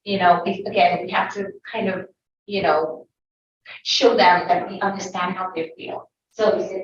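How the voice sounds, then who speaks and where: A woman's voice: medium pitch, a little slow. Firm woman teacher in an echoey room. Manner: firm, direct advice with repetition. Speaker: toddler teacher. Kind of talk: panel discussion answers. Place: school event room. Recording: echoey room from far off, dull lo-fi, faint hiss.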